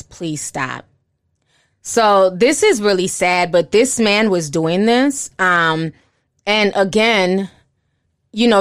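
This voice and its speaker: A woman's voice: medium pitch, no echo, clean studio sound. A young woman giving casual commentary and reading posts aloud, with lots of "you know" fillers.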